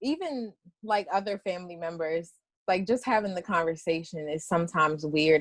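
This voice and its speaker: A woman's voice: lowish voice, moderate pace, no room sound. A woman poet speaking candidly in an interview conversation, rambling through restarts and laughs, sometimes near tears. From Washington, D.C. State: tearful at times. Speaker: poet and guest.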